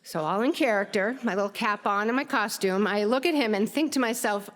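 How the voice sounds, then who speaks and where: A middle-aged woman telling a lively, self-mocking personal story on stage, laughing at herself as she goes. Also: mid-range voice, a little fast, hardly any pauses. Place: theater stage. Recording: stage talk with long hall reverb.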